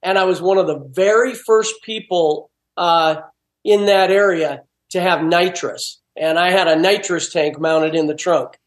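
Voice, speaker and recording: A man talking as a guest in a casual chat, an animated storyteller who laughs easily. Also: sits high, unhurried. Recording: roomy echo.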